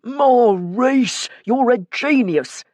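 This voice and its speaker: A man's voice: very high-pitched, animated, very slow, darkish tone, no echo, clean studio sound, voice pushed up, exaggerated voice. A woman doing a flamboyant, bossy man. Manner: sneering, bossy, theatrical. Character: flamboyant, imperious, sharp-tongued man.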